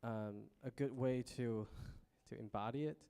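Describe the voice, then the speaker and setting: Slow, thoughtful man with a smooth voice. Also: mid-range voice, fairly even intonation, dark tone. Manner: halting and thoughtful, many fillers. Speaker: guest practitioner. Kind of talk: sharing a practice in a circle.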